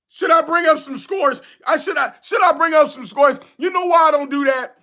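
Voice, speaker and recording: Male streamer, loud taunting trash talker, bright forceful voice, repeats his points. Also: very high-pitched. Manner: loud, taunting, often shouting, repeats himself. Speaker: livestreamer. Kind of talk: live-stream fan trash talk.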